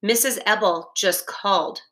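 A woman voicing a calm, questioning mother in a read-aloud storybook, asking probing questions. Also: medium pitch, a little slow.

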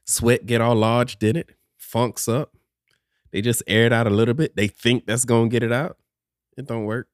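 A man's voice: medium pitch, level tone, normal speed, no echo, clean studio sound. A man co-hosting a podcast, talking casually in an opinionated, playful way. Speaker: podcast co-host. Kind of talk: casual chat.

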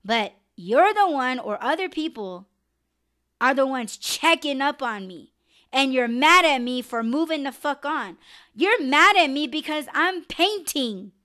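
Blunt, profane woman ranting on a podcast. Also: high voice. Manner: blunt, profane, animated venting. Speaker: podcast host. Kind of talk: casual live podcast rant.

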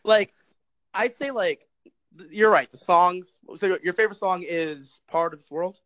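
A young man with a high voice talks in a loose, rambling way. He swears freely, laughs often and fills his talk with "like". The sound is dry and close, with no room echo. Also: normal speed, fairly bright tone. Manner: rambling, profane, laughs often, many filler likes. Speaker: podcast co-host. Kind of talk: casual chat.

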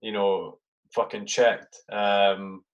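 Rambling, swearing ex-soldier host. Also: male voice, on the low side, flat delivery, slow pace, highs cut off. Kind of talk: casual interview chat.

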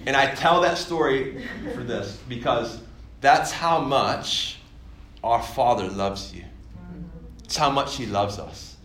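A young man from Michigan telling a story as a sermon in a church, excited and rambling, with many fillers and restarts. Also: mid-range voice, takes it slowly. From Michigan, USA. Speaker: guest speaker at a church. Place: church hall. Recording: echoey church hall, faint room noise.

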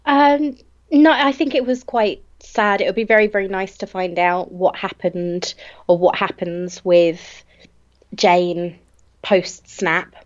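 A woman's voice: medium pitch, fairly even intonation, slow. Chatty woman on a dull lo-fi mic. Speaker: podcast co-host. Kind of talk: casual chat.

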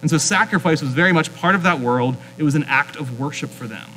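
A man's voice: fairly high pitch, quick pace, bright, forceful tone, faint music behind, low-quality recording. Man preaching a casual, filler-heavy sermon. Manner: conversational, many fillers and restarts. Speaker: pastor. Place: church sanctuary.

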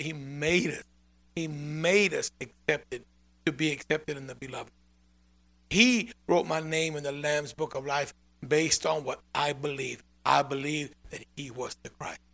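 Gravelly, bright-voiced male preacher. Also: a little high. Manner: emphatic, repetitive preaching with sudden loud swells. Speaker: pastor. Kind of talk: sermon.

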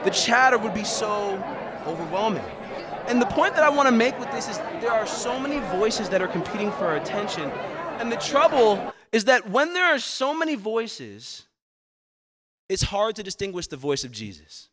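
A man's voice: high-pitched, very animated, moderate pace, crowd noise. A man as pastor delivering a sermon, earnest, repeating words as he presses his points. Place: church sanctuary.

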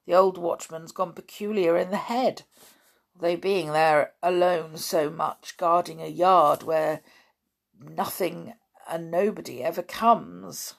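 A woman reading aloud, voicing a calm, sensible older boy who talks others down. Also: lowish voice, slow, gravelly, heavily acted. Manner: calm, reasoning.

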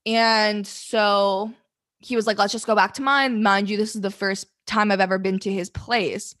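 A woman's voice: mid-range voice, fairly even intonation, normal speed, fairly bright tone. A young woman telling a candid, rambling story to the camera, flustered and close to tears, swearing freely.

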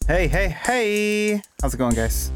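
A man's voice: high-pitched, very animated, takes it slowly, over music. An easygoing man co-hosting a podcast, chatting casually and laughing often. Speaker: podcast co-host.

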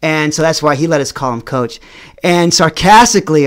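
Middle-aged man telling a story. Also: a little high. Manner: animated storyteller, slows for emphasis, restarts and repeats words. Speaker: vlogger. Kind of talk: personal storytelling to camera.

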